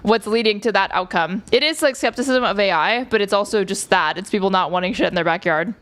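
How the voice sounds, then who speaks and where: A woman's voice: medium pitch, fast talker, fairly bright tone. Sarcastic, swearing woman streamer. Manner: sarcastic, swears freely, many "like" fillers. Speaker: streamer reacting to a podcast. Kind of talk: casual live-stream commentary.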